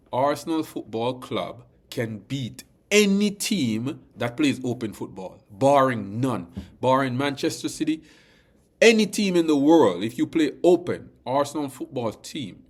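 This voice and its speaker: A man hosting a football fan channel, talking in slangy, animated bursts. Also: medium pitch. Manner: animated, slangy, punctuates lines with "bruv". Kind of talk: excited fan reaction vlog.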